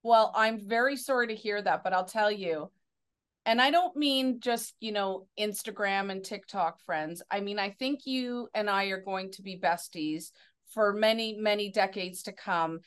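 A woman hosting a casual interview, effusive and encouraging toward her guest, with quick asides. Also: mid-range voice, clear, resonant tone. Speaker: interview host.

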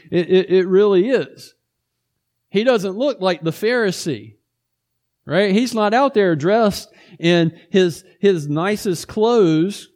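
Guy pastor giving a chatty sermon, voice a bit on the high side. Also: darkish tone. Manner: conversational, acts out quoted exchanges.

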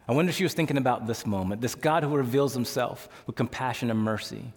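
A male pastor preaching a sermon in a conversational, animated way. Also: medium pitch, fast, hardly any pauses, husky. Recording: long hall reverb.

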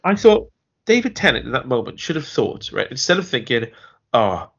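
A man's voice: medium pitch, very animated, brisk, gravelly, fairly bright tone, breathy edge. Rambling man on a muffled mic. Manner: rambling, restarts often, acts out quoted lines. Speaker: podcast co-host. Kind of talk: casual chat reviewing a TV series.

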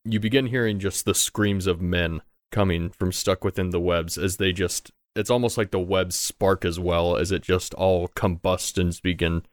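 A man with a deep, smooth and resonant voice narrates as the game master of a tabletop role-playing game. He describes scenes loosely and casually, with plenty of fillers, recorded close and dry. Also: fairly even intonation, normal speed, few pauses, dry recording.

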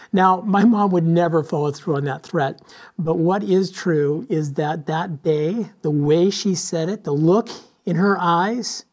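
A man's voice: a little high, darkish tone. A man preaching a sermon as pastor, telling stories in a conversational way with frequent "uh" fillers.

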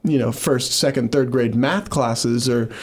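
A man's voice: mid-range voice, measured pace, slightly rough. A young man, a comedian guest on a podcast, telling stories in a rambling way full of fillers. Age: young adult. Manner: rambling storyteller, filler-heavy "like". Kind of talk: casual chat.

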